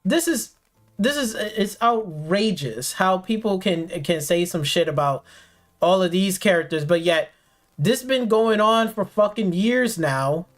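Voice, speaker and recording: A man's voice: sits high, expressive, unhurried, soft background music. A man streaming games, ranting sarcastically and profanely, rambling with many fillers in an exasperated tone. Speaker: gaming streamer.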